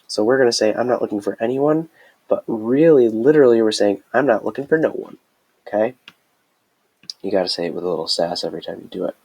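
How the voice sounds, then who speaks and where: A man's voice: fairly low pitch, fast talker, creaky, a little mellow, slightly rough, poor audio. A man teaching a Spanish grammar lesson in a recorded screencast, chatty and explaining step by step with frequent checks.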